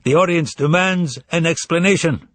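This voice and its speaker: A man's voice: fairly high pitch, moderate pace, a bit bright, no room sound, pitched above the performer's own voice, natural voice. A man voicing a pompous, indignant official who speaks in a stiff, demanding way.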